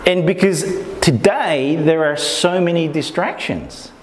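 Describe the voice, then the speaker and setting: A man's voice: fairly high pitch, measured pace, a crowd in the background. Man presenting a mindfulness talk in an echoey room. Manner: keeps checking in with the audience, acts out inner thoughts. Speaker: workshop presenter. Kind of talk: informal talk to a small group. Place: meetup room. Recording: echoey room with long reverb.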